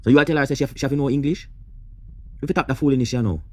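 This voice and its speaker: A man's voice: mid-range voice, very fast, no room sound. A man with a Jamaican accent giving passionate, rhetorical commentary, repeating his questions. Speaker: reaction host. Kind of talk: opinionated commentary.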